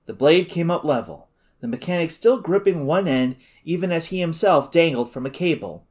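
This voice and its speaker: A man narrating an audiobook in an expressive, steady storytelling manner. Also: a little high, moderate pace.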